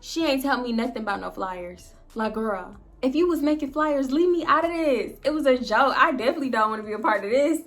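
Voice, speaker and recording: Animated young woman telling a story. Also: sits high, brisk, few pauses, faint music behind. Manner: animated, slangy, swears freely. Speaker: vlogger. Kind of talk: casual storytelling.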